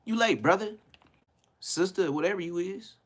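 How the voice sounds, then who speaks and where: On his YouTube live stream, this LA-accented commentator in his fifties mocks people in loud street slang at a normal speed. He laughs a lot and keeps breaking into sudden high-pitched bursts.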